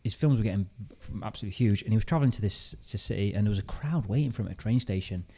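A man's voice: on the low side, very fast, mellow. British man casually telling a story. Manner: storytelling, thinking aloud with restarts. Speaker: podcast host. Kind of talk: casual chat.

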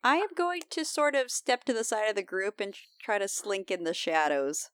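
A woman's voice: medium pitch, very animated, normal speed, a bit bright, clean tone, no room sound, clean studio sound. A woman playing a tabletop role-playing game, bantering playfully and describing her character's moves. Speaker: player. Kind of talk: casual tabletop game play.

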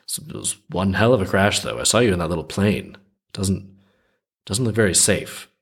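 A man's voice: sits low, normal speed, gravelly, husky, exaggerated voice. A man voicing a laid-back male Death in human form, talking casually and offhand.

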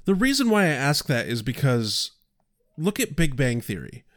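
A man's voice: medium pitch, moderate pace, no room sound, studio quality. A man co-hosting a casual chat, ranting with profanity and acting out quoted voices. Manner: profane, exasperated rants with animated quoted voices. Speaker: podcast co-host.

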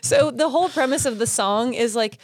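A woman's voice: on the high side, normal speed, no echo, clean studio sound. A young woman in casual chat, giggly and teasing, speaking into a handheld mic. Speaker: gift giver.

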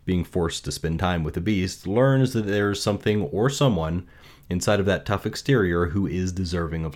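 A man reading a fairy tale aloud and then reflecting on its lessons, in a measured, gentle way. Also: low-pitched. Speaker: storyteller.

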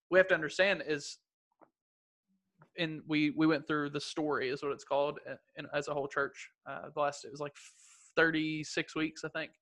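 A man's voice: fairly high pitch, bright, forceful tone. A man in a casual church discussion, talking earnestly about a Bible story and restarting his sentences often. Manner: earnest, rambling with many restarts. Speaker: church leader in a podcast discussion.

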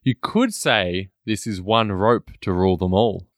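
A man co-hosting a film-review podcast in casual chat, jokey and animated, laughing often. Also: on the low side, a little slow, dry recording, studio quality. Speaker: podcast co-host.

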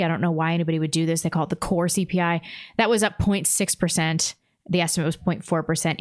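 Woman, podcast co-host, low voice, blunt, wry, brisk with numbers. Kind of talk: casual political commentary.

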